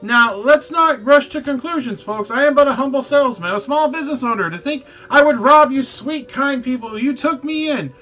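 A man voicing a smooth-talking, swindling salesman in a video game playthrough, with oily, theatrical denials. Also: very high voice, moderate pace, few pauses, pushed and bright, soft background music, pitched above the performer's own voice. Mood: smooth pleading.

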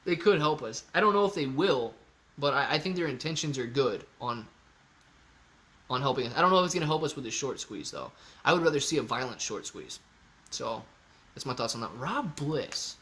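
A man hosting a casual livestream Q&A. He reads out viewer comments, gets excited, thinks aloud and repeats himself. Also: medium pitch, fairly quick.

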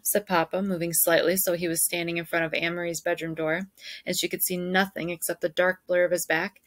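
Teacher reading a chapter book to her class, clear and explaining, no room echo. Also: fairly low pitch, flat delivery, fairly quick. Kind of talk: reading a novel aloud to students.

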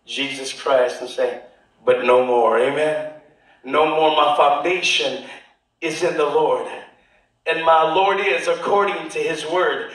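A man preaching a sermon as pastor, calling for amens from the congregation and reading scripture slowly, word by word. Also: a little high, a bit bright. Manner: preaching with call-and-response, quoting scripture slowly. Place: church sanctuary. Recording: roomy church sound from a distant mic.

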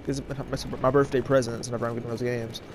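A man rambling through casual gameplay commentary, tripping over his words and restarting his sentences. His voice sits at an ordinary middle pitch. Loud gunfire and battle sounds from the game run behind him. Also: level tone, noisy background. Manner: fast, jumbled speech with frequent stutters and restarts. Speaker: gaming channel host. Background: shooter game audio with gunfire and vehicles.

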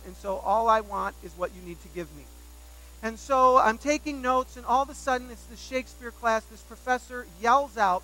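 A man's voice: high-pitched, bright, forceful tone, a little hiss or hum, poor audio. A man pastor preaching a sermon, emphatic and repeating key phrases for weight, telling personal stories with self-deprecating humor.

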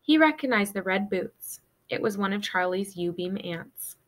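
Teacher lady reading a kids novel out loud, steady and expressive. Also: medium pitch, moderate pace. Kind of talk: storybook read-aloud.

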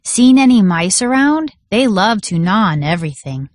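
A woman's voice: medium pitch, sing-song, moderate pace, no room sound, studio quality, natural voice. A woman voicing a tiny, earnest magical mother in a storybook, reassuring in manner.

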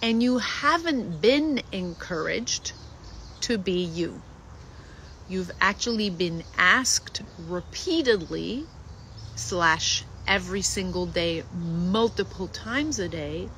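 A woman's voice: lowish voice, lively intonation, takes it slowly, fairly bright tone, slight background noise, low-quality recording. Emphatic woman coaching actors. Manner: emphatic, lists words in rhythmic runs. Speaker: acting coach. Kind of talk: teaching monologue to actors.

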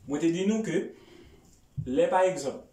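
A man with a Haitian accent teaching English to Creole speakers, slowly drilling phrases for students to repeat. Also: on the high side, animated, warm tone. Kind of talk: language lesson, drilling phrases. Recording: roomy sound from a distant mic.

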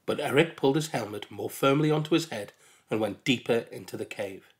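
A man calmly narrating a storybook aloud, with measured delivery. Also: mid-range voice.

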